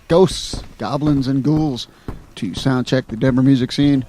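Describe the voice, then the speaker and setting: A man's voice: medium pitch, steady tone, a little slow, mellow, slight background noise. Man co-hosting a radio show, dry and joking. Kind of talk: casual radio banter.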